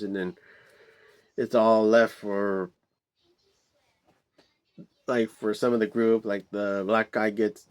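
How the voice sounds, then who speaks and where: A man with a fairly low voice gives a casual, rambling movie review, swearing heavily. He's full of fillers and restarts, with exasperated outbursts along the way.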